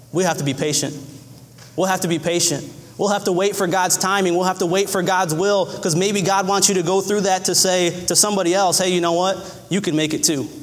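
A man preaching a sermon in an earnest way, often repeating his phrases. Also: long reverb tail. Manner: earnest, repeats phrases, acts out cries in a high voice.

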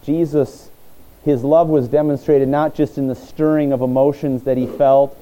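Earnest preaching man, dark mellow voice. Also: mid-range voice, level tone, rough recording. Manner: earnest preaching with pauses and restarts. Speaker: pastor. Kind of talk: sermon.

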